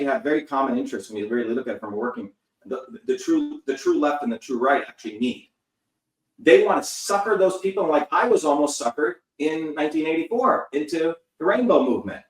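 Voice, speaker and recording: A man in his fifties, a guest in an interview, talking in an emphatic, profane, lecturing way. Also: on the high side. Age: 50s. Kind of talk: heated interview talk. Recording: roomy sound, distant from the mic.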